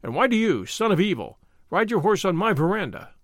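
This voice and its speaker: A man voicing a proud, blunt older friar with a deep voice, firm and defiant, in an audiobook reading. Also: very animated, a little fast, dry recording, studio quality. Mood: stern. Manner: firm, defiant, plain-spoken.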